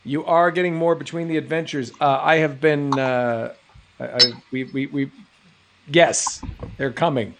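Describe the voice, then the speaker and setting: A man's voice: a little high, steady tone, unhurried, a little hiss or hum. A middle-aged man from New England hosting a live stream, reading chat questions aloud and rambling through jokey answers.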